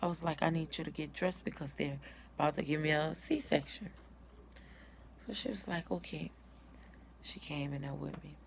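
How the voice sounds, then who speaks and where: A woman's voice: low voice, normal speed, gravelly, long pauses, a little hiss or hum. A woman telling her birth story in a casual vlog, acting out each person's words as she goes. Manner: casual, retells dialogue in quotes.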